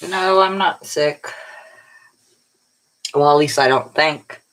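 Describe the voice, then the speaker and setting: A woman's voice: sits low, slow, a bit bright, rough recording. A woman tarot reader giving a casual, rambling spiritual pep talk in a colloquial way, sounding tired. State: tired, yawning.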